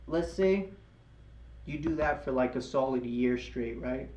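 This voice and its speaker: A man's voice: mid-range voice, unhurried, a little mellow, roomy sound, dull audio. A young man live-streaming his trading, hyped and slangy, cheering the chart on and sweet-talking it like a lover.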